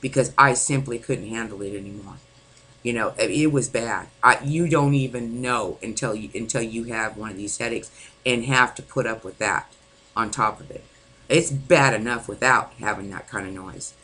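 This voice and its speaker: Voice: medium pitch, normal speed, sharp tone, breathy edge, poor audio. A distraught vlogger venting angrily to camera, swearing often and rambling with many fillers. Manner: angry, frequent swearing. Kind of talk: venting personal monologue.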